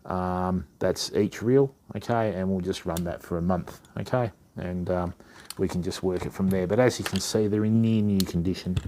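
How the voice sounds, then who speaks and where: A middle-aged Western Australian man with an Australian accent chats casually and matily to live-stream viewers while servicing fishing reels on his channel. His low voice is warm with fairly even intonation at normal speed, over slight background noise.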